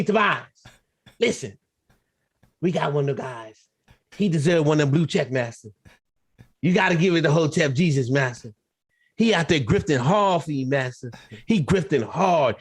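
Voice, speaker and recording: Man voicing an obsequious pleading male servant, slightly high. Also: husky, exaggerated voice. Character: fawning adult male servant pleading to master.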